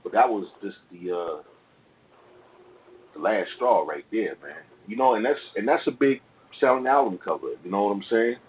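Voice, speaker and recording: A man's voice: on the low side, expressive, moderate pace. A middle-aged man, a guest in an interview, telling stories casually in loose street slang and often tagging "man" and "you know what I'm saying". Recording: tinny phone-like sound with faint noise.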